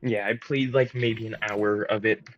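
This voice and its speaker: A man's voice: lowish voice, fairly even intonation, moderate pace, muffled recording, slight background noise. A man chatting casually at a tabletop game session, easygoing, mostly giving short replies. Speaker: player.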